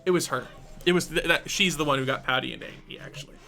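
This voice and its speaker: A streamer talking through a video game live, swinging between excited shouts and quiet muttering. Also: mid-range voice, fast talker, vocal fry, soft background music. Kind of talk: live gameplay commentary.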